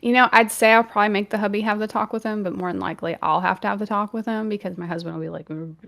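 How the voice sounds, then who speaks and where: Animated Louisiana woman streamer. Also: mid-range voice, very fast, vocal fry. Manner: animated, laughs often, voice rises when passionate. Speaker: podcast co-host and streamer. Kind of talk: casual chat. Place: bedroom stream room at home. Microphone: earbuds with new desk mic, video call.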